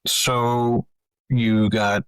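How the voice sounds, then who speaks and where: A man's voice: medium pitch, level tone, very slow, smooth, no echo. A man narrating a tabletop game as game master, theatrical and speaking to the listeners.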